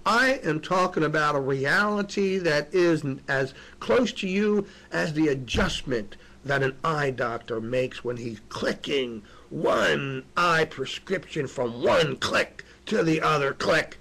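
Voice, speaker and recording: A man hosting a web show, delivering an inspirational spiritual monologue that swings from hushed reflection to raised, emotional appeals. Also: a little high, expressive, takes it slowly, creaky, hardly any pauses. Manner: emotional, apologetic.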